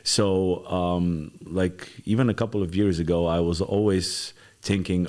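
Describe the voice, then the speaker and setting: A male podcast host asks questions casually, pausing and restarting as he looks for the right word. His voice is low. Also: steady tone, darkish tone. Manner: halting, searches for words.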